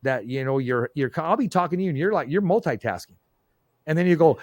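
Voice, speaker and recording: A man hosting a podcast, telling stories in a lively casual way, often saying "man" and "bro". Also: on the high side, fairly quick, no room sound, dull audio. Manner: animated storyteller, frequent "man" and "bro". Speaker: podcast host. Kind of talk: casual conversation.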